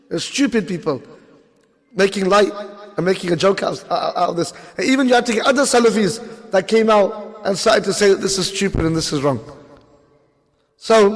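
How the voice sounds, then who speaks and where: Male preacher, high voice, impassioned storytelling talk in a mosque hall with long reverb. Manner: storytelling with Arabic terms, impassioned.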